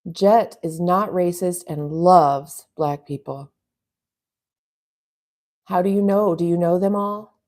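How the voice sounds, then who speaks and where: Brief: chatty stream host, woman, rambling and relaxed, low warm tone. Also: slow, long pauses. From US West Coast. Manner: rambling, chatty, laughs often. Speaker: livestream host reading chat. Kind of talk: casual live chat.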